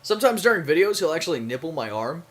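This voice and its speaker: A man's voice: a little high, big pitch swings, quick pace, a bit bright. A man hosting a gaming video, casually commenting, reading on-screen text aloud and joking as he plays. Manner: playful, reads game text aloud, jokes. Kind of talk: casual let's-play commentary.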